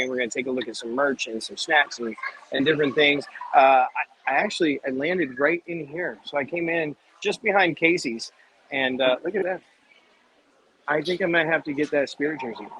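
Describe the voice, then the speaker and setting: A man's voice: medium pitch, a bit bright, slight background noise, poor audio. A man hosting a casual walking livestream, chatty and rambling, from a shop in a theme park. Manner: rambling, chatty, quick asides. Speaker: livestream host.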